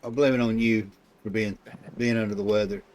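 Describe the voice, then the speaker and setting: A man's voice: fairly low pitch, brisk. Man calling a sim race. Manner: relaxed play-by-play, calls the action. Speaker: race commentator. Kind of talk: live sim racing commentary.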